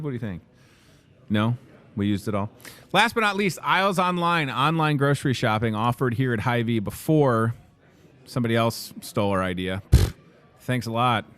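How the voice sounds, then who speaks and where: Lively, jokey man hosting a store video. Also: mid-range voice. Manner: energetic, jokey, rambling. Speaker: host. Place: grocery store.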